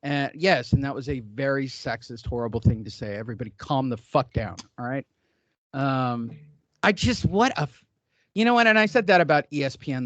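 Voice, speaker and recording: A man's voice: mid-range voice, moderate pace, dry recording, lo-fi sound. A man hosting a boxing podcast from a studio desk, ranting loosely with crude, profane jokes. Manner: loose, profane, joking rants. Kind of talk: casual crude podcast banter.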